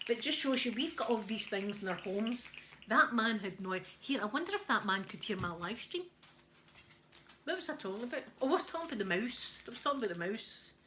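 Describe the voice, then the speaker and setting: A woman's voice: mid-range voice, background noise. Giggly, chatty Scottish woman. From Scotland. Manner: chatty, giggly, laughs often. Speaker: live-stream host. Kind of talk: casual chat while ironing.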